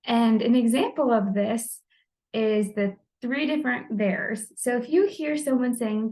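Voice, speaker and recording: Brief: young female student, slightly high voice, friendly and explanatory, informal lesson read. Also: moderate pace, a little mellow, rough recording. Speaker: student presenting a discussion post. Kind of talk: informal lesson on the basics of language.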